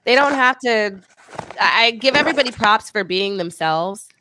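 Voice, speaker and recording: A middle-aged woman co-hosting a casual sports podcast, animated and quick to question her co-hosts. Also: medium pitch, slight background noise. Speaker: podcast co-host. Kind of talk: casual chat.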